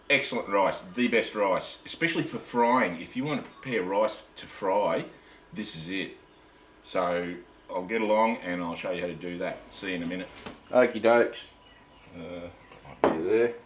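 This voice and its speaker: A very deep-voiced Australian man chats to the camera in a loose, rambling way, often breaking off mid-sentence. He sounds worn out. He is heard from a distance in an echoey space, with faint ambient noise behind him. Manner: rambling, self-interrupting, chatty. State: tired. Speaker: camping vlogger. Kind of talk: casual chat to camera.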